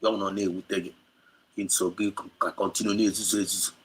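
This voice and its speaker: A man with an Igbo-accented Nigerian English speaks with deep emotion as a channel host. His voice is husky and a bit low, and he halts and restarts before surging into fervent passages. He moves freely between Igbo and English. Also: level tone, poor audio. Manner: mixes Igbo and English, halting then fervent. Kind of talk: emotional commentary.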